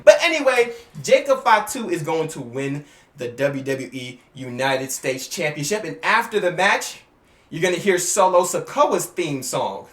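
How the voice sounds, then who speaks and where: An excitable man chats through his predictions in slangy, casual speech, with a lively pitch that jumps around. His voice rings in a roomy, echoey space. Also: a little slow. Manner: animated, slangy, excitable, acts out scenes. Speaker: YouTuber giving wrestling predictions.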